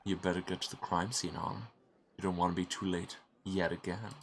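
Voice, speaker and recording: A man's voice: low-pitched, steady tone, a little fast, a little hiss or hum, lightly acted. A man voicing a smug, cruel young man who taunts a detective in mock-polite tones in a game. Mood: sneering.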